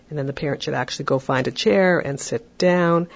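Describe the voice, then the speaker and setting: A podcast host giving parenting advice in a calm, explanatory way, often checking in with "right?". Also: mid-range voice, a little fast, creaky, few pauses, lo-fi sound.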